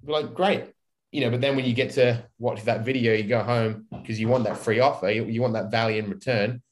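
A man, a marketing expert and guest on a podcast, talking in a relaxed, rambling way and acting out quoted speech. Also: mid-range voice, quick pace. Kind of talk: casual podcast chat.

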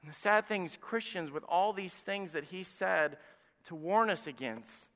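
Impassioned high-voiced preacher in a reverberant hall. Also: male voice, normal speed. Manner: impassioned preaching, swings from loud to hushed. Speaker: pastor. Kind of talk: sermon.

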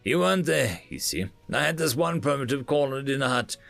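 A man's voice: medium pitch, expressive, brisk, gravelly, fairly bright tone, dry recording, faint music behind. A man voicing a proud young male insectoid warrior, boastful and earnest, in a storybook-style narration.

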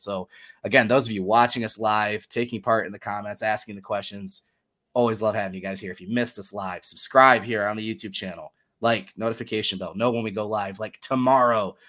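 A man's voice: lowish voice, a bit bright. A man hosting a casual sports podcast, chatty and joking, laughing often as he talks. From Michigan. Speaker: podcast host.

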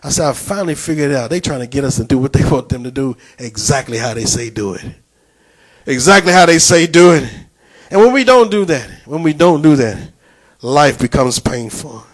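A middle-aged man with a New York accent preaching a sermon in church, building from musing talk to shouted refrains, with many "uh" fillers. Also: a little high, rough recording. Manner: preaching with rising, shouted passages and repeated refrains; frequent "uh" fillers and restarts. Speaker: pastor.

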